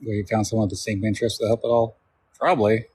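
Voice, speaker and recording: A man's voice: lowish voice, little pitch movement, fast talker, a little mellow, breathy edge. A man reading out viewer questions and answering them in loose, rambling casual chat on a live stream.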